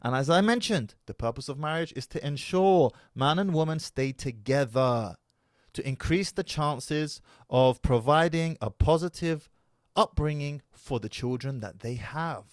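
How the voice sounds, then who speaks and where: A man's voice: on the high side, unhurried, dry recording, studio quality. A man, giving casual, emphatic commentary as a reaction video host. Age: 30s. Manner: emphatic, preachy.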